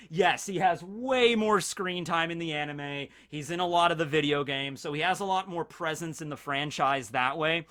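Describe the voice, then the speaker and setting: Bright-voiced excitable male anime commentator. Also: on the high side. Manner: excitable, rambling, many fillers. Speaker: anime channel host. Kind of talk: casual anime discussion.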